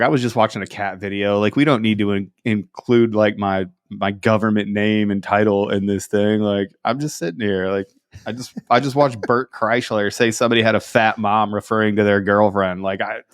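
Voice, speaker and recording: A man co-hosting a podcast in casual chat, animated and sarcastic, often acting out other people's lines. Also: lowish voice, normal speed, dry recording, clean studio sound. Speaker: podcast co-host.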